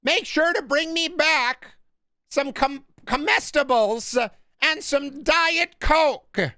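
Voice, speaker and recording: A strange, dreamy old ghost haunting a house, as a man puts him on, his voice pitched high and words drawn out slowly. The sound is dry and close. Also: animated, bright, forceful tone, no echo, heavily acted. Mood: eerie. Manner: slow, strange, drawn-out requests.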